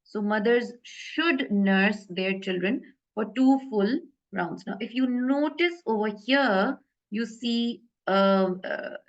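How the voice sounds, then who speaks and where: A woman teaches a grammar lesson in a casual online class. She pauses often, with many fillers and self-corrections, at a mid pitch. The audio is slightly dull and lo-fi. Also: creaky.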